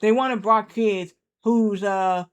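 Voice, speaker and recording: Guy streaming a game, kinda high voice, rambles and keeps repeating himself. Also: steady tone, slow pace, clear, resonant tone. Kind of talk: casual storytelling while gaming.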